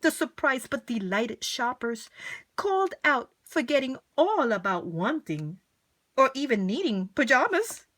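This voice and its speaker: A woman reading a children's storybook aloud, expressive and animated as she speaks to young listeners. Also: sits high, a little slow.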